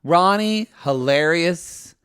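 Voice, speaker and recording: A man's voice: fairly high pitch, animated, slow pace, a bit bright, smooth, no echo, clean studio sound. A man co-hosting a podcast, chatting casually and rambling through recaps with lots of asides. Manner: chatty, rambling, with frequent likes and restarts. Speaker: podcast co-host. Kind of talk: casual chat.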